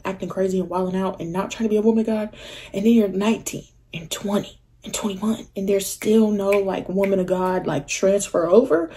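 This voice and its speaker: A young woman telling a story on her vlog in a casual, animated way, full of fillers and acted-out quotes. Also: mid-range voice. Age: young adult. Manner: animated, filler-heavy, acts out quoted voices. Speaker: vlogger.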